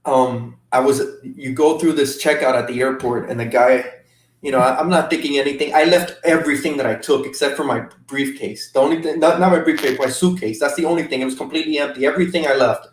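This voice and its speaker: A man as a guest, recounting an emotional trip in halting casual talk with many restarts. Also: mid-range voice. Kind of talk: casual storytelling. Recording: roomy sound from a distant mic.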